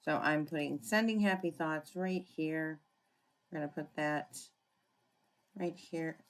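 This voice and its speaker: A woman giving a casual card-making tutorial, chatting and thinking aloud as she works, often clearing her throat. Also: sits low, measured pace. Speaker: papercraft demonstrator.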